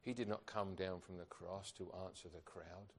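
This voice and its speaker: A man's voice: low-pitched, fairly even intonation, normal speed, a little hiss or hum. Earnest male preacher, emphatic. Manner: earnest, emphatic, with rhetorical questions. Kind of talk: sermon.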